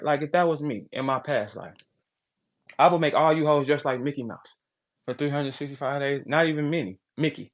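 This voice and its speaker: Male, slightly high voice, loud crude rant, profane and jokey. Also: expressive, brisk. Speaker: battle rapper on a live audio chat.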